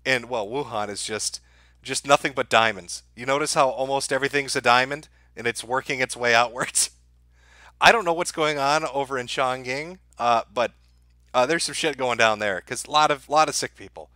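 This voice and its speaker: A man running a live stream talks straight to his chat with sarcastic, crude commentary laced with profanity. His middle-pitched voice is bright and forceful, delivered at a normal speed in a dry recording with no room sound.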